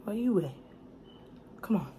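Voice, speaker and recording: Slow-talking salty woman eating on camera. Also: mid-range voice, expressive, slight background noise. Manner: loud, salty and profane, talks to the viewer as "baby". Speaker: cooking vlogger. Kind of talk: casual mukbang eating commentary.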